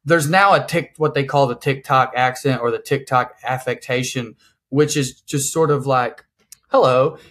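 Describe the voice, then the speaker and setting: A man's voice: mid-range voice, normal speed, a bit bright. Rambling podcast host, a man. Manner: explanatory, rambling with lots of "like". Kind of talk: casual podcast chat.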